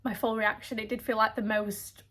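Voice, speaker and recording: A woman's voice: fairly high pitch, flat delivery, moderate pace, fairly bright tone. A young woman, chatting to camera in a gushing, bubbly video-diary style with frequent laughs. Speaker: lifestyle vlogger.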